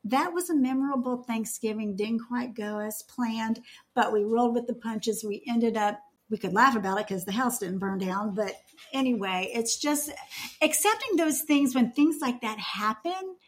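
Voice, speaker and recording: High-voiced woman telling a lively story. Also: moderate pace. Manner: animated, laughing anecdote-telling. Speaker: guest. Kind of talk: casual storytelling chat.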